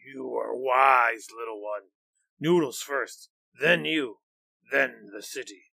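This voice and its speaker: A man voicing a hungry, boastful male monster who talks in a slow, gloating drawl, for a storybook. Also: medium pitch, gravelly, pushed and bright, no room sound, exaggerated voice.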